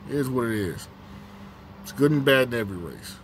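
A man's voice: mid-range voice, animated, a little fast, slight background noise. A man hosting his own casual commentary vlog on a break at work, talking bluntly and repeating his points for emphasis.

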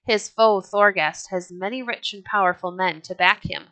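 A woman's voice: medium pitch, normal speed, pushed and bright, dry recording, natural voice, poor audio. Woman reading as a heated, protesting townsman. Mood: indignant. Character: indignant townsman defending a friend.

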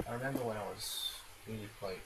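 Low-voiced man, rambling gameplay commentary. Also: quick pace, vocal fry. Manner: swears a lot, self-mocking, makes random silly noises. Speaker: game commentator. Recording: loud background noise.

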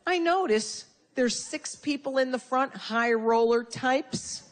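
Brash, foul-mouthed stand-up comedienne. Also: female voice, a little high. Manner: brash, profane insult humor. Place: stage before a live audience.

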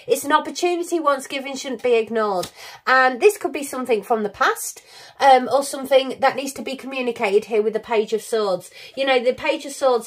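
Woman, high voice, tarot reader, effusive and encouraging. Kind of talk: recorded tarot reading to viewers.

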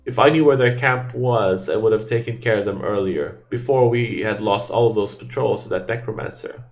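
A man's voice: lowish voice, normal speed, soft background music, lightly acted. An actor playing a blunt, unforgiving male fort commander in a video game, speaking in curt, authoritative orders. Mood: grim.

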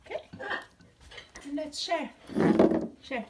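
A woman coos and coaxes her pet birds in a high voice that jumps all over, drawing out her words slowly. She talks in a sing-song baby talk from her home kitchen. The recording carries clear background noise and clatter. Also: animated. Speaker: parrot owner and vlogger.

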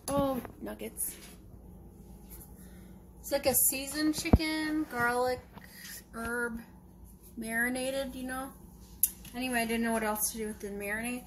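A woman's voice: a little high, a little slow, pauses often. Chatty woman vlogging, noisy kitchen. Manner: rambling, chatty, talks to her dog in a sing-song voice. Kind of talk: casual home vlog. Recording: noisy home recording.

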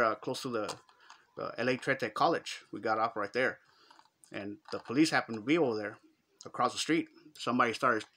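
In a mid-range voice that's bright and forceful, a middle-aged Chicano man from Los Angeles tells a casual story. He uses street slang and dramatizes the quotes.

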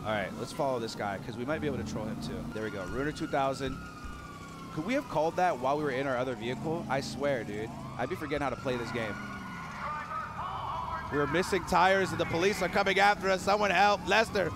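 A hoarse young man hosting a gaming channel, giving hyped, giggly commentary while he plays and shouting when things get exciting. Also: a little high, quick pace, background noise.

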